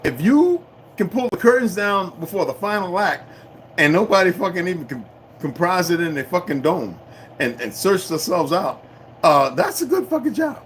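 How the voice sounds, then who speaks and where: A man's voice: sits high, big pitch swings, normal speed, fairly bright tone, a little hiss or hum. A middle-aged man hosting a casual livestream, rambling and swearing freely, laughing often and talking back to his chat. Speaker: livestream host.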